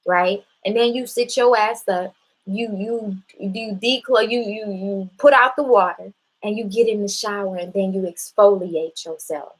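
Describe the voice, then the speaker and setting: A woman's voice: medium pitch, a little slow, low-quality recording. A woman hosting a casual spiritual talk, speaking bluntly and with profanity straight to her viewers. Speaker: spiritual live-stream host.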